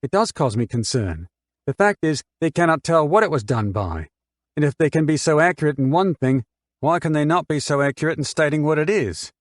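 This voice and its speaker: A man's voice: a little high, animated, fairly quick, no room sound, voice pushed up, close to an everyday voice. A man reading an audiobook voices a woman on the witness stand, a mother who answers with scorn and precise, argumentative replies. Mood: insistent.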